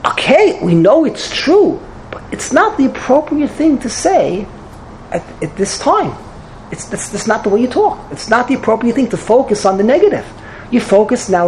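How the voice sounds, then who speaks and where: A woman teaching a Torah lecture in an animated storytelling manner, with sudden high exclamations and many Hebrew and Yiddish terms. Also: normal speed, slight background noise, poor audio.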